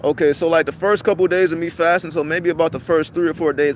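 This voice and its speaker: A man's voice: on the high side, steady tone, fast, a little hiss or hum. A man vlogging to his viewers, chatting casually with lots of swearing and repeated restarts. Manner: profane, repetitive, restarts often.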